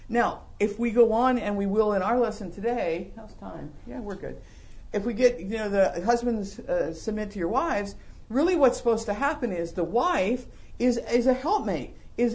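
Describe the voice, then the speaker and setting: A middle-aged man giving a sermon-style Bible lesson, animated and joking, full of rhetorical questions. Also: high voice. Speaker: Bible class teacher.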